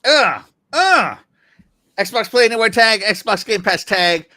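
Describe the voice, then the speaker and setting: A man hosting a casual gaming talk show, excitable and jokey, often trailing off quietly at the ends of sentences. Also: high voice, unhurried, no echo, clean studio sound, faint music behind. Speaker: podcast host.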